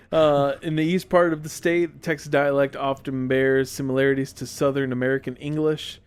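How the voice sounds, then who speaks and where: A young man co-hosting a podcast, talking in a relaxed, rambling way with lots of fillers. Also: mid-range voice, moderate pace, clear, resonant tone. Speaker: podcast co-host. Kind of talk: casual chat.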